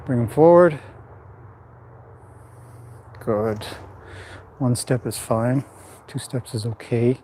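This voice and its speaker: A man training a horse in a pen, calmly explaining what he does while softly praising and directing the animal. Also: medium pitch, slow, long pauses, a little hiss or hum. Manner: calm running commentary mixed with soft praise to the horse.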